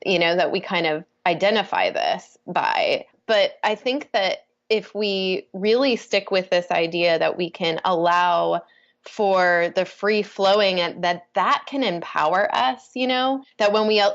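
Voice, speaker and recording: A woman's voice: fairly low pitch, dull audio. A woman coach, a guest on a podcast, talking in an earnest, flowing way with many fillers. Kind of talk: casual interview talk.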